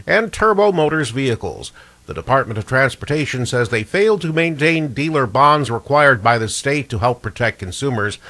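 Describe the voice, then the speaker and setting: A man reading a local radio news bulletin in a steady, formal way. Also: mid-range voice. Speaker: newscaster.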